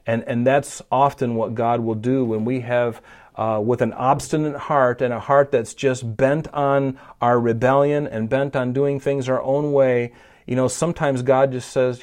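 A man's voice: mid-range voice, a little mellow. A man preaching an expository sermon, teaching conversationally with restarts and rising emphasis. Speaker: pastor.

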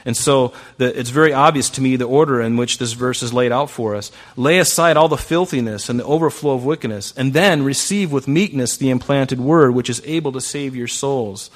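A man's voice: mid-range voice, fairly quick, hardly any pauses. A male pastor preaching a sermon in a conversational way, often asking the congregation rhetorical questions.

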